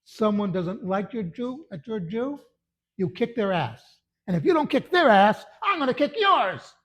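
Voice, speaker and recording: A man doing a gruff drill sergeant with a Southern drawl. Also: high-pitched, animated, measured pace, a little mellow. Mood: fierce. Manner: barking, demanding.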